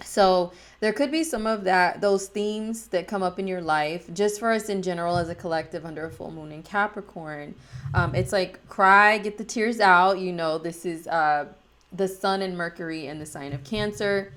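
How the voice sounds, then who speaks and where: A woman's voice: on the low side, moderate pace. A woman astrologer talking casually and chattily, with slang and frequent laughs.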